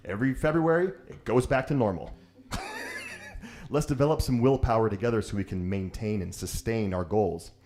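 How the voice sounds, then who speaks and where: A man's voice: mid-range voice, a little mellow. A man teaching yoga, guiding a breathwork class in an easygoing, joking and encouraging way.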